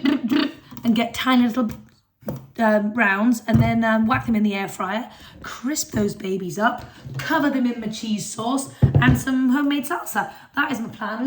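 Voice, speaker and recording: A woman's voice: a little high, slight background noise. A woman, chatting enthusiastically in a casual food vlog from her home kitchen, sometimes talking while she eats. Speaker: vlogger.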